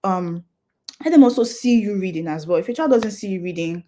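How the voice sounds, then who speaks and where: A woman's voice: mid-range voice, lively intonation, a little fast, warm tone. A young adult woman speaking at a conference, explaining step by step in an earnest, practical way. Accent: non-Nigerian English accent. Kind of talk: talk to an audience.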